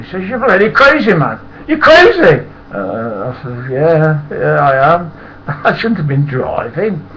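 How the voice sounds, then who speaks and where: Older Nottingham man, chuckling anecdotes. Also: on the low side. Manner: rambling, chuckles, swears freely. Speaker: storyteller. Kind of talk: casual anecdote telling. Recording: muffled lo-fi with loud hiss.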